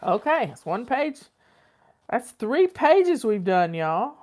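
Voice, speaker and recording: An older woman answers viewer questions in a folksy, chatty way. Her voice sits fairly high. She often says things twice for emphasis. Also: sing-song, slow, darkish tone. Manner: chatty, folksy, repeats herself. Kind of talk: casual advice chat.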